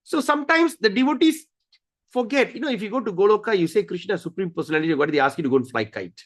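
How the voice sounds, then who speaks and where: A man's voice: sits high, quick pace. A man giving a scripture study lecture, repeating key words and often restarting sentences as he explains. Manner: animated, acts out stories with voices. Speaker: scripture teacher.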